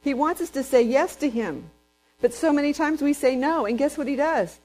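A woman preaching a sermon in a slightly high voice. She tells stories with energy, acts out what people said and puts questions to the congregation. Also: normal speed, faint music behind, low-quality recording. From Texas. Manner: lively storyteller who acts out quotes and asks the congregation questions. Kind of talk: storytelling sermon.

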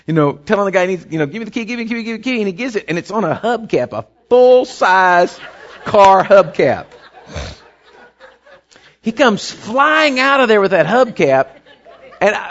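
Folksy preacher, fairly high voice. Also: male voice, a bit bright. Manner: folksy, rambling storyteller. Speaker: pastor. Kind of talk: storytelling sermon. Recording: dull lo-fi recording.

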